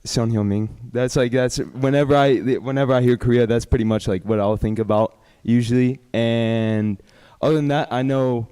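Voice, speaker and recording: A young man, a student, answering in class in a hesitant, halting way with many fillers. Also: medium pitch, fairly even intonation, dark tone, clear, resonant tone. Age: young adult. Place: large lecture hall. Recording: long echo of a lecture hall.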